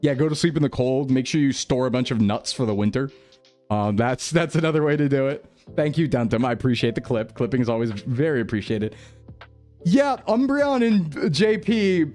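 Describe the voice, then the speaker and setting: A man's voice: medium pitch, animated, moderate pace, a little mellow, soft background music. A man streaming, chatting casually with his viewers and laughing often. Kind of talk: casual chat reading chat.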